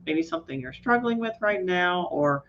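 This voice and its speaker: Low-voiced woman host on a video call. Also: expressive, moderate pace, dull audio, background noise. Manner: conversational, affirming with mm-hmms. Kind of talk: casual live-stream chat.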